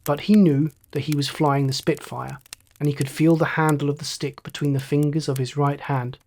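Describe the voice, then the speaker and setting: A male storyteller reads a bedtime tale in a slow, measured and soothing way. His voice sits a little high for a man. He keeps an even, unhurried calm throughout.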